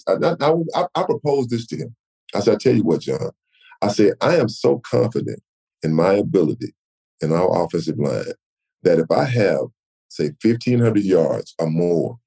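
A man from Texas in his sixties, a retired football player telling animated stories in an interview. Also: deep voice, fairly quick, slightly rough. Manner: animated storyteller, acts out quoted voices. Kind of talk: storytelling interview.

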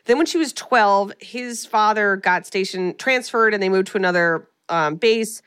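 A woman's voice: mid-range voice, moderate pace, a bit bright, clear, resonant tone, no echo. Woman podcast co-host, rambling casual recap, close dry mic. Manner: chatty, rambling recap with many fillers. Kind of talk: casual chat.

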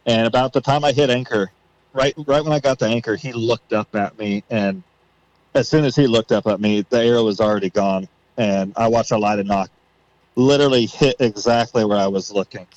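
A man on a podcast, telling a story in a casual way and acting out his own thoughts with rising excitement. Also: lowish voice, brisk, dry recording, dull audio. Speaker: podcast guest.

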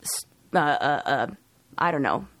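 A woman co-hosting a podcast, talking openly about her own feelings with halting restarts. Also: extremely low pitch, lively intonation, a bit bright, dry recording. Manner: open, confessional, halting with restarts. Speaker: podcast co-host. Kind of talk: casual podcast chat.

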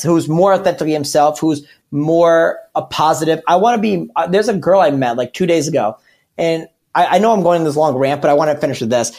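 A man's voice: on the high side, darkish tone. A man who works as a comedian, talking as a podcast guest in a rambling, candid way and correcting himself as he goes. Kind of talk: casual podcast chat.

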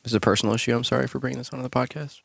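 A man's voice: mid-range voice, fairly even intonation, rapid-fire, creaky, a bit bright, husky, no room sound. A man co-hosting a podcast in casual chat, who teases the others and tells stories. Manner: teasing, storytelling. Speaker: podcast co-host.

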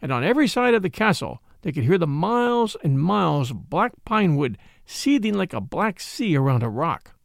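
A man narrating a classic mystery story in a measured, expressive storytelling style. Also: fairly high pitch, gravelly, dry recording, studio quality. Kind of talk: scripted audiobook narration.

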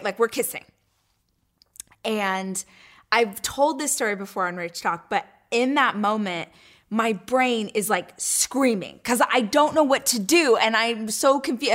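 A woman hosting her own weekly show, telling a story in a chatty, animated way, full of "like" and acting out her own thoughts in whispers and squeals. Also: fairly high pitch. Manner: chatty, lots of "like". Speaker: show host. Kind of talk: casual storytelling chat.

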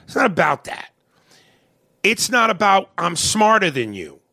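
Animated gravelly New host. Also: male voice, high-pitched, a little slow, no room sound. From New York. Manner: animated, mimics accents, repeats words. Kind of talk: casual comedic podcast chat.

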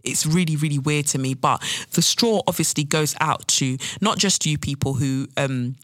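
A woman's voice: deep voice, moderate pace, no room sound. A woman ranting in commentary, angry and blunt, swearing freely. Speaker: vlogger.

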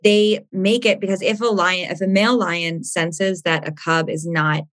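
A woman's voice: lowish voice, fairly even intonation, normal speed, a bit bright. A young woman hosting an astrology podcast, gushing and rambling in casual chat, laughing often.

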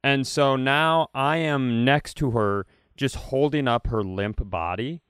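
A man's voice: mid-range voice, slow pace, smooth, no room sound, clean studio sound. A middle-aged man, a comedian co-hosting a podcast, telling a story casually, acting out quotes with plenty of fillers. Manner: animated, acts out quotes with fillers.

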